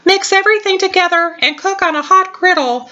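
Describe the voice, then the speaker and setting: A woman voicing a tiny, timid but clever female mouse in a storybook reading, squeaky and eager. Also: a little fast, pushed and bright, dull audio. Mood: instructive.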